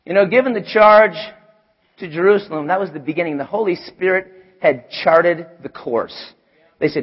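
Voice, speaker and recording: Man preaching, animated, swings from hushed to shouting, long hall reverb. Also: sits high, normal speed, breathy edge, muffled recording. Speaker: pastor. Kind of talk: sermon.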